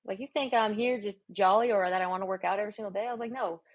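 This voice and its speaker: A woman strength and conditioning coach, a guest on a casual podcast, tells a story in a rapid-fire, mid-range voice with no room sound. She's animated and energetically acts out her own quoted dialogue.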